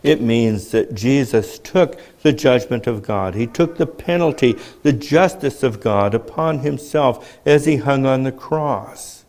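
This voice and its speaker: A man preaching a sermon in a measured teaching tone, asking rhetorical questions as he explains. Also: mid-range voice, animated, a little mellow.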